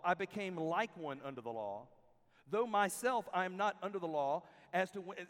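High-voiced preacher in a reverberant hall. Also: male voice. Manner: animated storytelling, acts out the people he quotes. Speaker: camp speaker. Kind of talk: sermon. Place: large hall with an audience.

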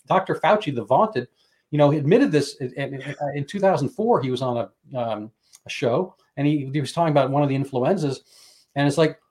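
A man hosting a casual conversation, talking in a halting way with many restarts. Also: fairly high pitch, a little mellow. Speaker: host.

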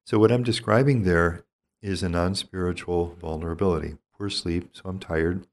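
An older male priest offers spiritual teaching in a calm, reflective manner. His very low, deep voice moves gently and thoughtfully, weighing each phrase and often pausing mid-thought.

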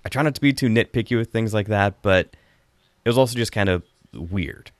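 A man's voice: lowish voice, a little fast, no room sound. Chatty man reviewing a film. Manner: chatty, rambling, laughs often. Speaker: podcast host reviewing a film. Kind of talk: casual chat.

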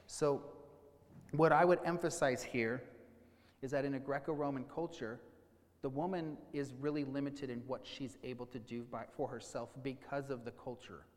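A man preaching a sermon as a pastor, teaching with questions and slowing down to stress key points. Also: medium pitch, steady tone, long reverb tail. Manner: teaching, with questions and slowed emphasis.

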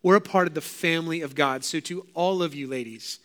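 A man's voice: fairly high pitch, fairly quick, a bit bright. A man preaching as pastor at a church service, talking straight to the congregation with frequent fillers. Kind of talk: sermon with scripture reading.

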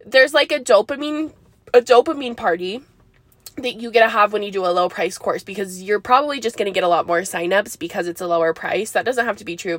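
A woman's voice: fairly high pitch, fairly bright tone, no room sound. A young woman hosting a casual solo podcast, rambling and bubbly, laughing often and filling her talk with likes and ums. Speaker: podcast host.

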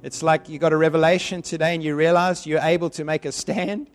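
High-voiced fervent male preacher. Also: flat delivery, a little fast, soft background music. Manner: fervent, repeating phrases for emphasis. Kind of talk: sermon with prayer.

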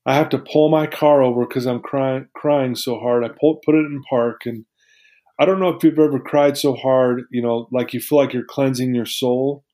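A man's voice: mid-range voice, steady tone, moderate pace, dark tone. A man as an interview guest, telling a personal story in an earnest, heartfelt, reflective way.

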